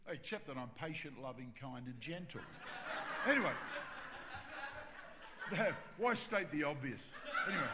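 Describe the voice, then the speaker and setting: A man, a pastor telling a self-mocking funny story in a sermon, with animated delivery. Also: high voice, measured pace, long pauses, slight background noise. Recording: reverberant hall with faint ambience.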